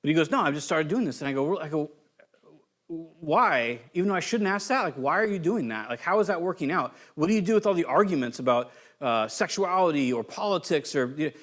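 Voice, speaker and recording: With a slightly high, brisk voice, this man from California delivers a sermon as pastor. He tells stories casually and animatedly, giving voice to the quotes.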